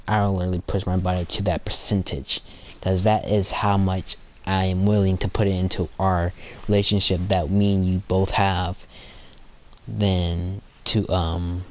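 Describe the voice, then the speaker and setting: A teenage boy with a deep, low-pitched voice rambles about friendships in a casual, halting way, stopping and restarting his thoughts. His teeth are sore from aligners, and he sometimes acts out his friends in little quoted voices. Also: darkish tone. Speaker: gaming channel creator. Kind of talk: casual rambling talk while gaming.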